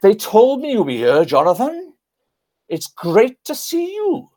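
A man's voice: high-pitched, wildly swooping pitch, unhurried, warm tone, voice pushed up, heavily acted. Man doing a modest old Welsh veteran. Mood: warm greeting. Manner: understated, matter-of-fact. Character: elderly Welsh male war veteran, modest.

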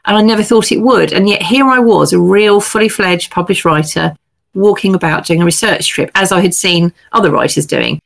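A middle-aged woman from England, a novelist guest telling lively, self-deprecating stories in casual chat. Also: lowish voice, fairly quick, gravelly.

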